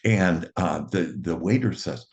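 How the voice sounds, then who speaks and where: A man's voice: low voice, a little slow. A man, an author and motivational speaker, telling a cheerful anecdote casually and chuckling often as he goes. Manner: cheerful and upbeat.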